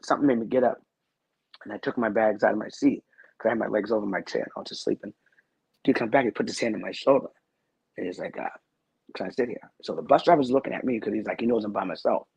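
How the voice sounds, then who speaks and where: A man's voice: lowish voice, fast talker, vocal fry, darkish tone, breathy edge, dry recording, poor audio. A man who is a guest on a talk show, telling a personal story in a rambling, earnest way and repeating his phrases.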